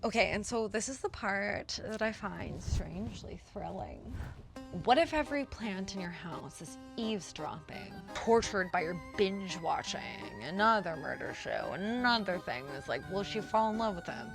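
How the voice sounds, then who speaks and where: A chatty woman rambling through a casual vlog monologue with a gravelly, fry-edged voice. Her pitch swings widely as she talks, and music plays clearly in the background. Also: lively intonation, moderate pace. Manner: chatty, rambling, self-deprecating, with profanity. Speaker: podcast host.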